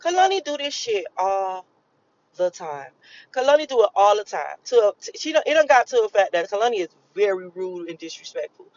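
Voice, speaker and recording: A vlogger gives a spiritual channeling reading in a casual monologue to camera, rambling, repeating herself, and swearing freely with lots of emphasis. Her medium-pitched voice swings widely in pitch, moves briskly, and sounds a little mellow, with the highs cut off.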